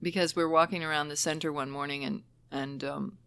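A woman who trains dementia caregivers, telling stories conversationally, lively and emotional, often laughing as she talks. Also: low-pitched, a little fast, clear, resonant tone, dry recording. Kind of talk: conversational storytelling.

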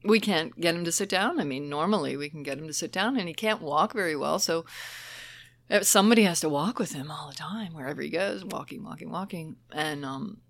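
A woman who trains dementia caregivers, telling stories conversationally, lively and emotional, often laughing as she talks. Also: low voice, brisk, creaky, dry recording. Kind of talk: conversational storytelling.

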